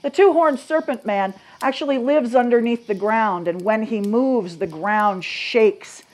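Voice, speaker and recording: Dramatic woman storyteller, hushed then lively. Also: fairly high pitch, unhurried. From Maine. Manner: dramatic, swings from hushed to loud and animated; asks the audience questions. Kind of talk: live storytelling to an audience.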